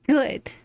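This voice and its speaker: A young woman streams live in a darkish-toned voice on a dry recording. Between tarot readings she chats casually and affectionately with viewers, giggling and drifting into playful baby talk.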